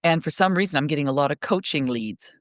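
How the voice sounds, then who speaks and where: A middle-aged woman on a remote call, telling stories in a rambling, animated way, full of restarts. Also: low-pitched, fast talker, no echo, clean studio sound. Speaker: guest speaker. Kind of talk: casual podcast conversation.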